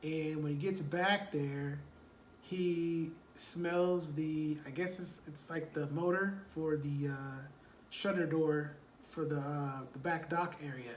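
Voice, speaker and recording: A man's voice: fairly high pitch, fairly even intonation, slow, slight background noise. Rambling man retelling a movie. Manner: rambling, full of "like" and "you know". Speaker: storyteller. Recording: roomy echo, distant mic, faint ambience.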